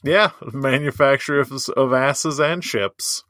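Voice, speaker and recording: A man's voice: mid-range voice, slow, bright, forceful tone, dry recording, studio quality. A man co-hosting a podcast in loose, joking casual chat, laughing often and swearing freely. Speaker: podcast co-host.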